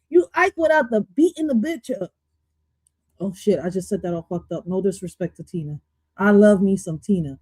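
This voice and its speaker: A woman streaming casual reaction commentary on an interview clip, loud, profane and playful, dropping in Spanish phrases. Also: mid-range voice, a little fast, no room sound.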